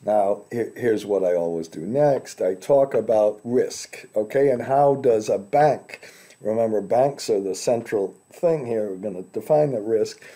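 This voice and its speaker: A man giving an informal finance lecture, halting and often repeating words as he restarts his sentences. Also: lowish voice, warm tone.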